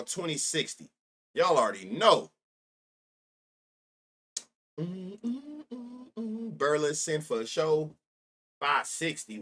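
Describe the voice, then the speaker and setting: A man's voice: a little high, bright, forceful tone, breathy edge. A young man streaming live about sports bets, rambling and profane, laughing often and talking straight to his chat.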